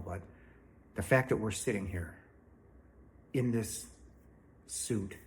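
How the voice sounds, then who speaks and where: A man's voice: deep voice, a little hiss or hum. A man hosting his own spiritual channel, talking straight to the viewer in a blunt, earnest, no-nonsense way. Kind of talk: direct-to-camera spiritual talk. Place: home, indoors.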